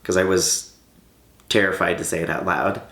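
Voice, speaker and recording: A man's voice: low voice, little pitch movement, moderate pace, a bit bright, reverberant. A man in his late thirties who vlogs. He tells a personal story in a candid, heartfelt way. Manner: candid and heartfelt, with light laughs. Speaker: vlogger.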